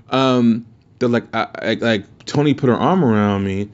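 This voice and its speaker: A podcast host with a mid-range, expressive voice tells a story slowly, rambling casually, swearing, and restarting often. The recording sounds muffled and lo-fi.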